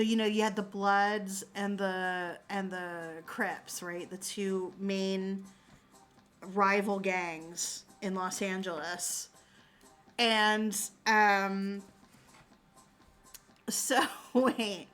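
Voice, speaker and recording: A woman's voice: mid-range voice, pushed and bright. A woman streamer chatting casually with her viewers, telling stories animatedly and laughing often. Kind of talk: casual chat.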